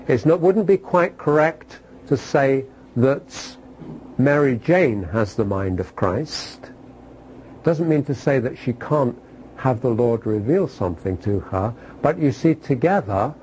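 A man's voice: mid-range voice, warm tone, slight background noise, poor audio. A man preaching a sermon, repeating phrases for emphasis and asking his listeners questions.

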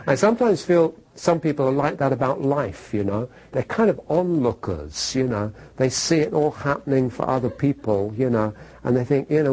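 A man's voice: medium pitch, moderate pace, a little mellow, breathy edge, low-quality recording. A man preaching a sermon to a congregation in a conversational way, asking rhetorical questions and telling stories. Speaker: pastor.

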